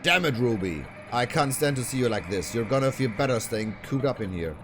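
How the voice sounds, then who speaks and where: A man's voice: medium pitch, lively intonation, a little fast, noisy background, natural voice. A man playing a bullying sleazy manager. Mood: scornful. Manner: scornful, bullying. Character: abusive middle-aged male talent manager, bullying.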